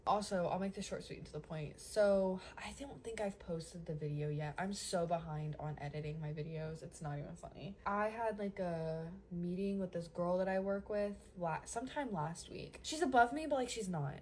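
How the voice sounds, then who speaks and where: A young woman talks straight to camera, venting about her job in a loose, filler-heavy way. Her voice sits on the low side, with a faint hum of ambience behind her. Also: moderate pace, hardly any pauses, darkish tone. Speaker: call center worker. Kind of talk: casual vlog chat.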